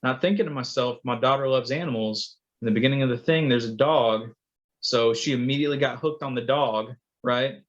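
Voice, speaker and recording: A man's voice: medium pitch, a little fast. A man on a podcast, chatting casually as a father and telling long rambling stories, acting out the quotes. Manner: rambling storyteller, acts out quotes. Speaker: podcast co-host. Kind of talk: casual chat. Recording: dull lo-fi sound.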